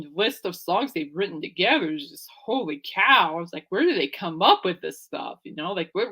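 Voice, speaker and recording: A woman hosting her own podcast, chatting in a loose, rambling way, trailing off, circling back and laughing at herself. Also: lowish voice. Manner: rambling, animated, laughs often, jumps between thoughts. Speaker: podcast host. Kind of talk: casual rambling chat.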